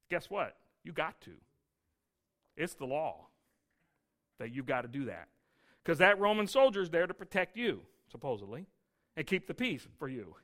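A male pastor preaching a sermon, telling the story lively and acting out scenes. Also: a little high, normal speed, pauses often.

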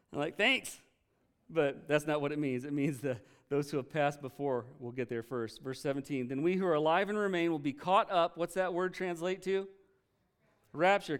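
Smooth-voiced man preaching a sermon. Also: on the high side. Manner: emphatic preaching, rising to loud peaks then dropping to soft prayer. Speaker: pastor. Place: church.

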